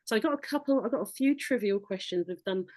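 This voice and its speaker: A woman's voice: medium pitch, lively intonation, fast, a little mellow, no echo. A woman hosting a podcast interview, reading out questions and reacting with affirming words and frequent giggles. Her voice sits in a middle range and is recorded dry and close. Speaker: podcast host.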